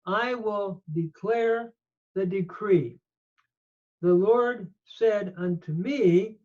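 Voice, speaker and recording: Slow, emphatic older male Bible teacher. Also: high-pitched, a little mellow. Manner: measured, emphatic, reads Hebrew aloud and explains each verse. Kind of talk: slow scripture lecture with Hebrew readings. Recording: dull lo-fi recording.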